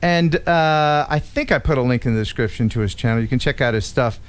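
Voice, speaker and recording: A man's voice: mid-range voice, brisk, smooth. A man hosting a casual live stream, chatting with a co-host and viewers and making playful jokes.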